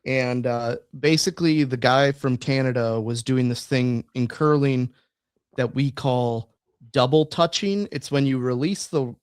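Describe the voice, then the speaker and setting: In clean studio sound with no echo, a male podcast co-host talks casually, wandering along with frequent fillers and false starts. His medium-pitched voice is clear and resonant, and his pace is a little slow.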